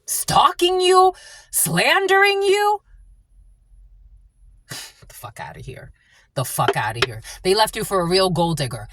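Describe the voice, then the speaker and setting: A low-pitched, husky woman delivers a tarot reading fairly quickly and with great animation. Angry and spiritual at once, she is profane, blunt and repetitive, swearing often as she repeats herself.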